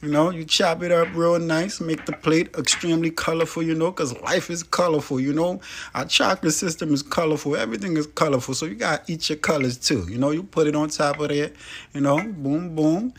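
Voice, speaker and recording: A man's voice: fairly quick, fairly bright tone, a little hiss or hum. A man giving playful, hyped casual commentary over a cooking video, talking straight to viewers. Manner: playful, hyped, chatty with frequent "boom" and "you know".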